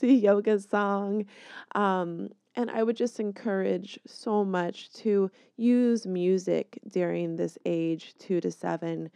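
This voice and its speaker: A woman's voice: mid-range voice, mellow, clear, resonant tone, no echo. A woman who trains yoga teachers, explaining her methods in an encouraging way.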